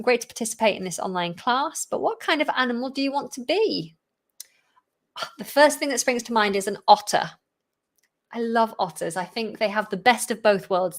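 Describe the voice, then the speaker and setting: Chatty woman hosting a live Q&A. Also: mid-range voice. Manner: chatty, laughs often, reads viewer questions aloud. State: a bit tired. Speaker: English teacher and channel host.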